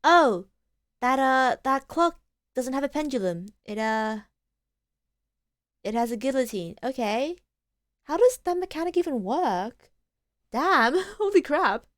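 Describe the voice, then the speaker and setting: A woman's voice: high-pitched, animated, a little slow, pauses often, no echo. Chatty woman streaming a game. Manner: chatty, laughing, rambling. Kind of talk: casual gameplay commentary.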